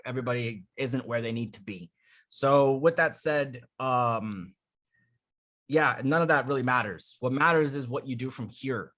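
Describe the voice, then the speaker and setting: A man running a live dating coaching session, talking bluntly with profanity and animated storytelling. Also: mid-range voice.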